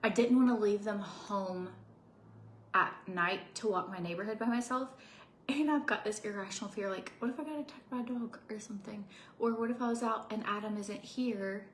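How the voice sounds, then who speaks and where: A woman's voice: medium pitch, normal speed. Bubbly woman in her 30s rambling to the camera from her office, lots of likes and little laughs, roomy echo, faint hum behind. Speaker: vlogger. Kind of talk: casual chat to camera. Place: home office. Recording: echoey room with faint background ambience.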